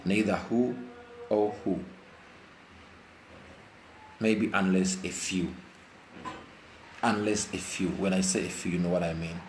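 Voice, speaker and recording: A man's voice: low-pitched, darkish tone, slight background noise. Man, Ugandan accent, impassioned live commentary, repeats himself, roomy echo. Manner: impassioned, repeats phrases, mixes Luganda and English. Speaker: vlogger. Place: indoors while rain falls outside.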